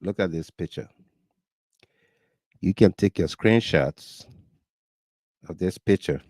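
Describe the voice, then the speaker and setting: A man's voice: low voice, takes it slowly, darkish tone, no echo. A man with a Liberian accent hosting a talk show, commenting on video clips with urgent, indignant repetition. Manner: urgent, indignant, repeats phrases for emphasis.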